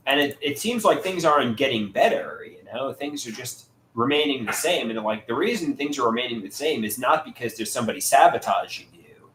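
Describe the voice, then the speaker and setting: A man hosting a casual livestream, reading out viewers' chat and answering them in a halting way, often repeating words and restarting sentences. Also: mid-range voice, expressive, a bit bright. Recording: roomy echo, faint background noise.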